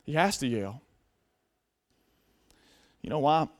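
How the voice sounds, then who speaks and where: A male pastor preaching a sermon earnestly, dropping to hushed tones and rising to loud emphasis. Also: on the high side, expressive, slow.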